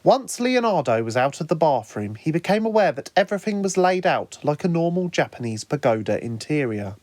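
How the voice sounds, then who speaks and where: A man narrating his own fan story in a lively storytelling manner. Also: on the high side, no room sound. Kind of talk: fan audiobook reading.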